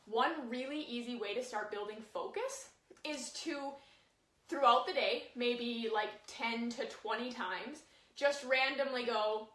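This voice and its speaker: A woman dog trainer gives a casual lesson, chatting as she demonstrates points with her dog. Her voice is a little high with a fairly bright tone. The room is echoey and she sounds distant from the mic.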